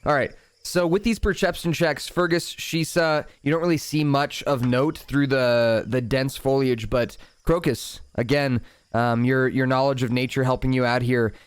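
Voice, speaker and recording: A man narrating a tabletop game as dungeon master, setting scenes calmly and chatting casually between rolls. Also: medium pitch, moderate pace, clean tone, no room sound. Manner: calm, descriptive scene-setting with casual asides.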